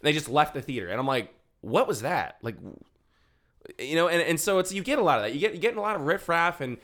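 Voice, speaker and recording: A young man co-hosting a podcast, chatting casually and telling animated stories. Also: fairly high pitch, fast. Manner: animated storyteller who acts out shouted quotes. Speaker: podcast co-host. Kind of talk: casual chat.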